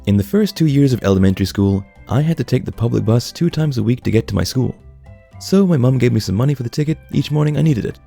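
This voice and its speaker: Gravelly-voiced male story narrator. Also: medium pitch, quick pace, faint music behind. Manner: steady storytelling read. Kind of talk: scripted narration of online stories.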